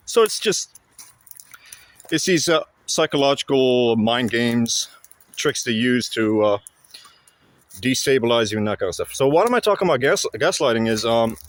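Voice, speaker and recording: A man talking to camera in a casual explanatory monologue, halting and blunt, with frequent fillers and restarts. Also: mid-range voice, lively intonation. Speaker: vlogger.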